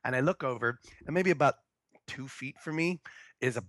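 A man's voice: medium pitch, moderate pace, a bit bright, no room sound. A man co-hosting a comedy podcast, telling a story in a loose, profane way and acting out the people in it. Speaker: podcast co-host.

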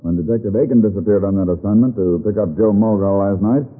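An actor playing a dutiful police inspector who reports earnestly, in 1930s radio drama style. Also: male voice, lowish voice, quick pace, slightly rough, phone-quality sound. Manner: earnest, explanatory. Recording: scratchy 1930s radio transcription.

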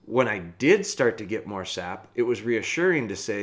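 A man's voice: on the low side, very animated, normal speed, few pauses. A man hosting a podcast, telling a rambling personal story in a casual way, often correcting himself and chuckling at his own mistakes.

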